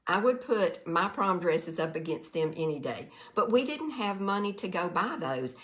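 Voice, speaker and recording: A woman's voice: on the low side, big pitch swings, normal speed. A woman, chatting on a livestream, tired and nervous, folksy, greeting viewers by name. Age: 60s. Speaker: direct sales livestreamer. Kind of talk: casual livestream talk to viewers. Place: quiet room.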